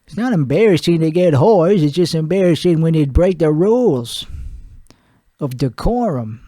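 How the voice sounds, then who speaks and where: A man's voice: on the high side, expressive, normal speed, mellow, no echo, studio quality. A man playing a crude, boastful podcast host who rambles and laughs at his own jokes. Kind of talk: improvised character comedy monologue.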